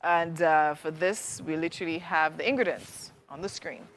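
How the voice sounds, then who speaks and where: A woman's voice: deep voice, normal speed, slight background noise. A Nigerian woman hosting a live TV cooking segment, bubbly and full of enthusiastic praise. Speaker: TV morning show host.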